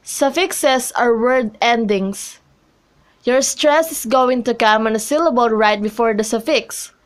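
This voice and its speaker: A young woman reading a scripted classroom lesson, slowly and carefully, with pauses between listed example words. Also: on the high side. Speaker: student presenter.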